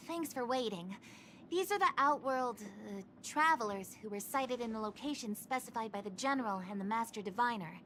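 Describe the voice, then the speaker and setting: A woman voicing a bubbly, eager young woman who plays amateur detective in a game, with a bright, expressive, playful delivery. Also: on the high side, moderate pace, slight background noise. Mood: busy. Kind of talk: game voice acting. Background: game music.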